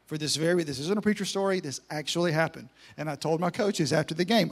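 A man's voice: fairly high pitch, quick pace. A man preaching a sermon, telling a story with energy, humor and repeated emphasis. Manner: energetic, joking, repetitive emphasis.

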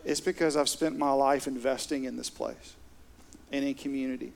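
A man's voice: mid-range voice, steady tone, moderate pace, gravelly, slight background noise. A middle-aged man, preaching a sermon as pastor in an earnest, conversational way. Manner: earnest, conversational, with soft laughs.

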